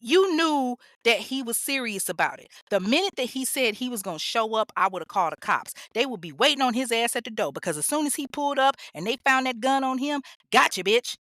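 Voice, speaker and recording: A woman's voice: fairly high pitch, expressive, fairly quick, hardly any pauses, a bit bright, no echo, studio quality. A woman hosting a true crime podcast, ranting bluntly and scolding with heavy profanity. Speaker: podcast host.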